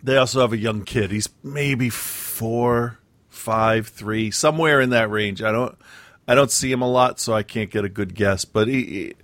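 Man, podcast co-host, low voice, dry close sound, casual rambling chat, lots of ums. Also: a little slow, a bit bright, no echo. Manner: rambling, hesitant storytelling with many fillers.

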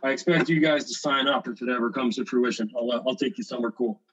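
Male guest, a vicar, mid-pitched voice, reflective, over muffled lo-fi audio. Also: fast, a bit bright, husky. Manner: thoughtful, reflective, many fillers. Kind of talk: casual chat.

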